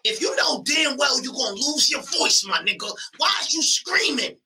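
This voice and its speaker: Brief: loud, high-voiced male co-host, lively, set a bit back from the mic. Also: moderate pace, distant mic, poor audio. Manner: animated, yelling in disbelief, mock scolding. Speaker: podcast co-host. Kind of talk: casual battle rap chat.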